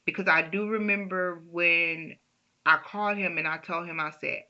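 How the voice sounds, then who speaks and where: A woman's voice: on the low side, fairly even intonation, moderate pace, pushed and bright, lo-fi sound. A woman telling a personal story in a chatty way, with laughs and lots of "like.". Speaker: storyteller, vlogger. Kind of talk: casual storytime.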